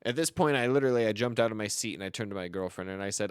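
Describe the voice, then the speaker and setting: A man giving comedic card-game commentary, boastful and theatrical, swinging between loud outbursts and low mutters. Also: very fast, hardly any pauses, clear, resonant tone, no room sound, clean studio sound.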